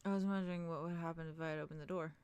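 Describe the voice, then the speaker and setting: A woman voicing a quiet, brooding man with glowing amber eyes in a tabletop game, speaking low and dry. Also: steady tone, very fast, clean tone, close to an everyday voice.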